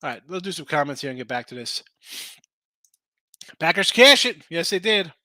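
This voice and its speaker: A man's voice: fairly high pitch, big pitch swings, normal speed, sharp tone, no echo. A man hosting a live sports betting show, tired and losing his voice, chatting casually about point spreads and answering viewers in the chat.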